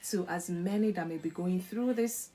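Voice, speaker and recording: A woman's voice: fairly low pitch, normal speed. A woman hosting a live devotional talk, telling a story with acted-out dialogue and quoting scripture. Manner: animated storyteller who acts out imagined dialogue; preacherly, quotes scripture. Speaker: host of a live faith talk show.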